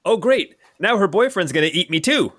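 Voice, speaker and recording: A man voicing a cowardly small male goblin creature who whines in a squeaky, frantic voice. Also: expressive, normal speed, a bit bright. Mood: panicked.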